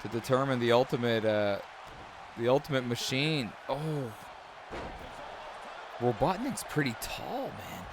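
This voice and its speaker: A man hosting his own channel, giving excitable play-by-play commentary on a simulated wrestling match and often calling the viewer "brother". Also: fairly high pitch, a little slow, noisy background. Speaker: YouTube host.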